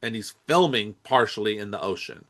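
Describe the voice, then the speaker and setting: A man's voice: fairly low pitch, expressive, a little fast, a bit bright. A man co-hosting a podcast, chatting casually about movies, rambling and hesitant with lots of fillers. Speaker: podcast co-host.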